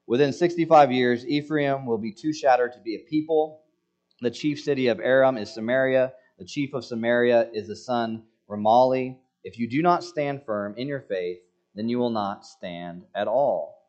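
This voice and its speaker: A man's voice: mid-range voice, normal speed, a little mellow, lo-fi sound. A man preaching a sermon in a conversational, joking way, acting out quoted lines with emphasis. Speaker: pastor.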